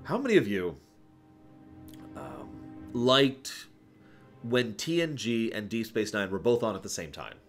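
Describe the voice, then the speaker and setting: Animated opinionated male streamer. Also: fairly low pitch, unhurried, long pauses, soft background music. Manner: opinionated, rambling with restarts and sighs. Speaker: streamer host. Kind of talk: casual livestream commentary.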